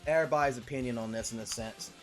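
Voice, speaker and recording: A man's voice: mid-range voice, racing, music in the background. A man from Louisiana who hosts a stream, chatting casually while gaming and cursing freely as he plays. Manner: profane, animated, yelling at the game. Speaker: streamer and podcast host.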